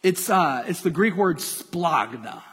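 A male pastor preaching a sermon to a church congregation, lively and playful as he draws listeners in. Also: high-pitched, unhurried. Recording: long hall reverb from a church.

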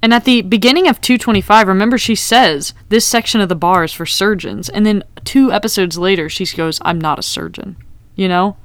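A woman's voice: medium pitch, a little fast, hardly any pauses, dry recording. A woman in casual podcast chat, recapping TV scenes and reading quotes aloud. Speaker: podcast co-host.

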